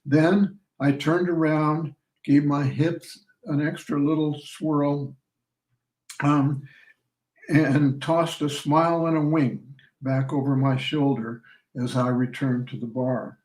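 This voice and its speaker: A male author reads his own novel aloud in a slow, measured way. His voice sits a bit high. The room echoes and the mic is well away from him. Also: little pitch movement, a little mellow. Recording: roomy sound from a distant mic.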